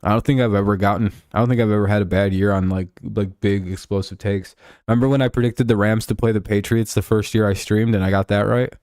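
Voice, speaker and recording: Man, streamer, casual rambling chat, profane, fillers, deepish voice, dry mic. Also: fairly even intonation, fast talker, darkish tone, no room sound.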